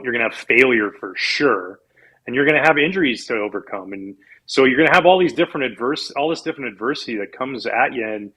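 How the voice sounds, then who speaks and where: Husky ex-athlete telling stories. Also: male voice, mid-range voice, low-quality recording. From Canada. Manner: animated storyteller, acts out quoted people. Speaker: former pro athlete guest. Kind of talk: casual storytelling interview.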